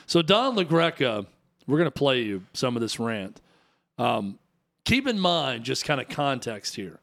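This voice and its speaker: A man's voice: mid-range voice, sing-song, unhurried, vocal fry, fairly bright tone. A man co-hosting a sports radio show, chatty and amused as he sets up a clip. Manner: chatty, amused, explains context. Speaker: radio co-host. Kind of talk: casual sports talk.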